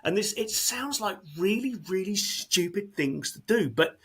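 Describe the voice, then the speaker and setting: Husky-voiced man, halting and earnest. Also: high voice, expressive. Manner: earnest, halting, repeats words often. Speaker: emergency service worker, interview guest. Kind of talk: candid conversational interview.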